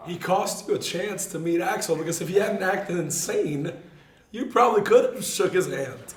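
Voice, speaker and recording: A man hosting a casual chat, amused and quick to chuckle. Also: high voice, animated, slight background noise. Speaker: show host. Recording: echoey room.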